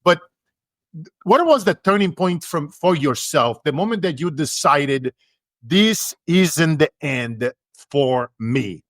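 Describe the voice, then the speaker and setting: A man's voice: fairly high pitch, lively intonation, slow pace, a bit bright, dry recording, clean studio sound. A man from Brazil, hosting a podcast interview in an affirming, reflective way. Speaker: podcast host. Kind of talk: conversational interview.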